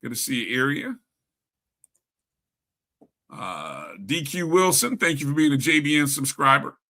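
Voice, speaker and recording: A man's voice: mid-range voice, animated, a little slow. A man co-hosting a casual live sports talk stream, greeting viewers in the chat one by one. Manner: shouting out chat viewers by name, upbeat and chatty. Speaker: sports talk show co-host.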